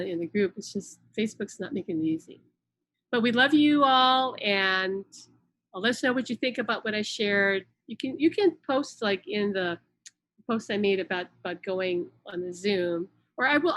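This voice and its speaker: A woman's voice: medium pitch, fairly bright tone, low-quality recording. A middle-aged woman hosting a live stream, talking casually and earnestly, often repeating words as she relays messages from spirit. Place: room indoors at home.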